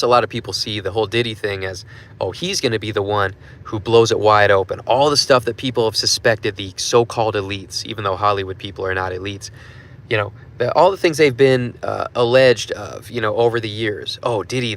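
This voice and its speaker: A man's voice: on the low side, a bit bright. Laid-back slangy man talking casually. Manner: laid-back, slangy, chuckles often, rambling asides. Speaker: channel host. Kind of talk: casual monologue vlog.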